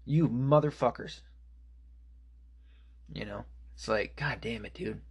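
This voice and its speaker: A man's voice: on the low side, moderate pace, vocal fry, a bit bright, breathy edge. A man delivering an angry, profane political rant, full of fillers and restarts. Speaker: political commentator.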